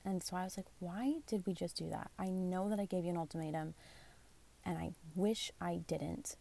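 A woman's voice: on the low side, moderate pace, creaky, dark tone. A woman in her twenties telling a personal story in a candid, rambling way, full of fillers and self-deprecating asides, recorded on basic equipment at home. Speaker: vlogger. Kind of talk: casual confessional storytelling. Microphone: phone or basic mic.

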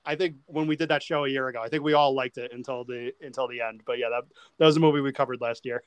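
A man's voice: medium pitch, fairly even intonation, quick pace, clean tone, dry recording. A rambling man hosting a movie podcast. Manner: rambling, repeats words while thinking. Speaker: podcast host. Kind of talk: casual movie podcast chat.

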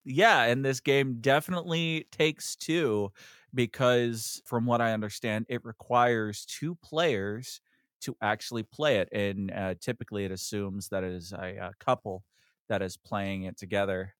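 A man's voice: lowish voice, measured pace, fairly bright tone, no room sound, clean studio sound. A man co-hosting a podcast, chatting casually and joking with many fillers. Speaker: podcast co-host. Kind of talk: casual chat.

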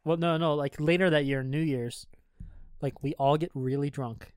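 A man's voice: on the high side, steady tone, normal speed, clean tone, no echo, clean studio sound. A man in his twenties chatting casually, swearing freely and telling stories with frequent laughs. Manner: profane, storytelling, laughs often. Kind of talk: casual chat.

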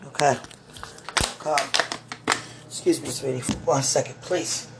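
A distressed former minister speaks very slowly in an emotional live chat, murmuring prayers and pleading with himself to calm down. The voice sits at an ordinary pitch and is tense throughout. Steady noise and clicks run underneath the recording. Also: vocal fry.

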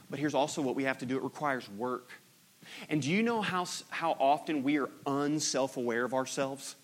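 A man, a pastor preaching a sermon in a conversational, animated way with frequent "right?" asides. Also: medium pitch, fairly quick.

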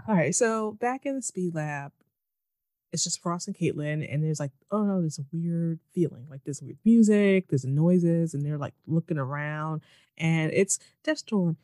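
A woman chatting casually as a podcast co-host, animated and mocking as she recaps a TV episode. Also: low-pitched, dry recording. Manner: animated, mocking, quick quoting of characters. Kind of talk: casual chat.

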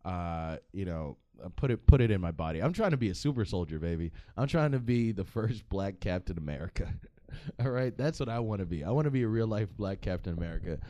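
Man, vlog host, low voice, dry close sound, swearing, joking rambling commentary. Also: animated, fairly quick, dark tone, dry recording. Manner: profane, joking and rambling with frequent laughs. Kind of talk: casual comedic commentary.

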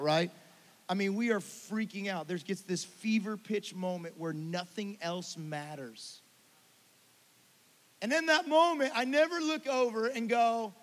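A man preaching a sermon, telling a story and swinging from hushed asides to loud, urgent passages. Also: high-pitched, moderate pace, in a large hall. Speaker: pastor.

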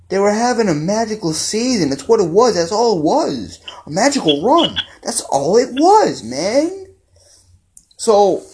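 A man's voice: a little high, a little hiss or hum. A male podcast host ranting angrily about football, repeating himself and swearing. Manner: angry, repetitive, profane ranting. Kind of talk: ranting sports podcast talk.

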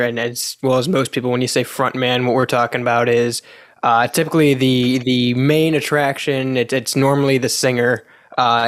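A man's voice: mid-range voice, fairly bright tone, dry recording, studio quality. A man from the United States, guesting on a podcast, talking in easygoing casual chat. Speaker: guest co-host.

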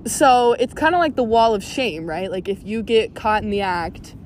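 A woman's voice: mid-range voice, expressive, moderate pace. A young woman in her twenties hosting a podcast in casual, giggly chat, recorded outdoors. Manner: bubbly, giggly, chatty. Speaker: podcast host. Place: outdoors in a city. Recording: outdoor noise behind.

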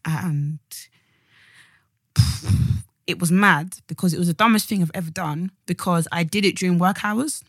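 A woman's voice: lowish voice, normal speed, no echo, studio quality. A woman, co-hosting a podcast in casual, slangy chat that trails off and restarts. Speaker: podcast co-host.

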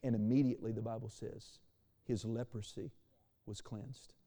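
A man preaching a sermon as pastor, animated, shifting between quiet and loud passages. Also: fairly low pitch, moderate pace, big-room sound. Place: church sanctuary.

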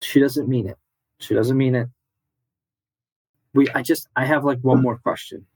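A man's voice: medium pitch, fairly even intonation, moderate pace, a little mellow, husky, dry recording, poor audio. A man playing a tabletop horror game, speaking casually with hesitant, stop-start phrasing. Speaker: player.

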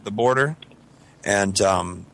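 A man's voice: lowish voice, slow pace, gravelly, fairly bright tone, a little hiss or hum. A young adult man telling a rambling, profane story among friends on a podcast, often restarting and acting out quoted lines. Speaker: podcast co-host.

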